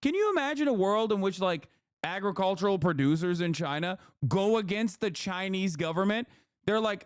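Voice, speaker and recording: A man's voice: high voice, lively intonation, moderate pace, smooth, dry recording, clean studio sound. A man hosting a stream, reacting to clips with sarcastic, profane political commentary. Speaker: streamer host.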